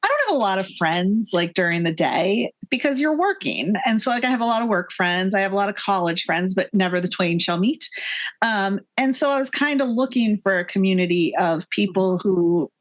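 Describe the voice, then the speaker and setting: A woman's voice: medium pitch, lively intonation, normal speed. A woman in her forties, a guest author in a casual podcast interview, talking with enthusiasm, many fillers and little acted-out quotes. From Massachusetts.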